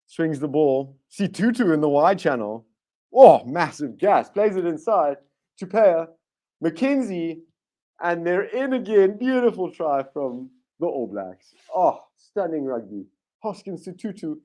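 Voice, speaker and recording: Guy doing live rugby commentary, mellow warm voice, gets hyped fast, trips over his words a lot. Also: mid-range voice. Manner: excitable, bursts of enthusiasm, frequent restarts. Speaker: watchalong host.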